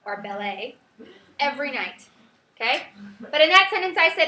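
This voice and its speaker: A woman teacher giving a classroom lesson, lively and chatty, often checking in with her students. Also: high voice, moderate pace, long pauses. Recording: roomy classroom from a far camera.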